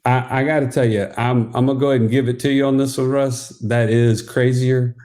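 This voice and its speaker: A man's voice: mid-range voice, flat delivery, a little fast, warm tone. A man hosting a podcast, reacting with short questions and laughter. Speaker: podcast host. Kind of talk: casual interview chat.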